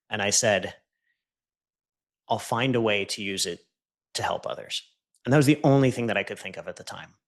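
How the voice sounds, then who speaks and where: A man with a somewhat low voice tells a deeply personal story as a podcast guest. He speaks with earnest intensity and sinks to a hushed, low tone whenever he repeats words that were spoken to him. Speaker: podcast guest, entrepreneur and coach. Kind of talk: emotional personal storytelling in conversation.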